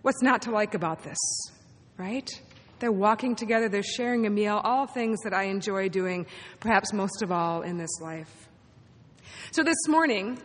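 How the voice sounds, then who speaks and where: A woman pastor preaching a sermon to her congregation, in an encouraging, playful manner. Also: medium pitch. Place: church sanctuary. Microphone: amplified sanctuary mic. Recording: long hall reverb in a sanctuary.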